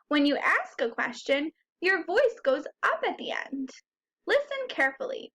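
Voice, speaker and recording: A woman teaching a first grade phonics lesson, who sounds out words slowly and clearly and asks the children questions. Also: high voice, very animated, a bit bright.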